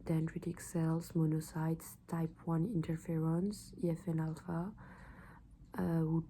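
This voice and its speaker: Low, flat-voiced young French woman. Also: unhurried, slight background noise, low-quality recording. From France. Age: 20s. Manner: hesitant, self-correcting, reads terms from notes. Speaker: student explaining revision notes. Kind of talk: casual study explainer.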